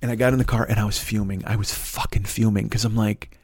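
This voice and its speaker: A man's voice: fairly low pitch, fast talker, breathy edge, no room sound, clean studio sound. A man hosting a podcast, telling a story as a profane rant and swearing constantly. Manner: animated, swears constantly, builds to shouting. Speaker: podcast host.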